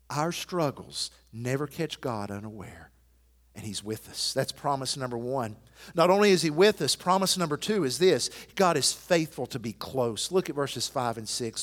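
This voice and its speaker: A middle-aged male pastor preaching a sermon, telling stories and swinging from hushed to loud and emphatic. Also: on the high side, animated, a little slow, long reverb tail.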